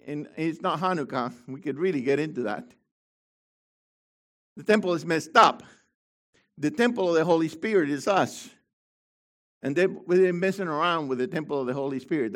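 A middle-aged man preaching a sermon with fervor, dropping to quiet asides and rising to shouted proclamations. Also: on the high side, moderate pace, long pauses.

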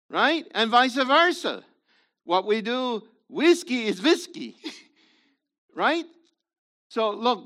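Male Bible class teacher, high bright voice, slow and halting, informal explaining tone. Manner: halting, explanatory, checks in with listeners. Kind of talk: informal Bible study lesson.

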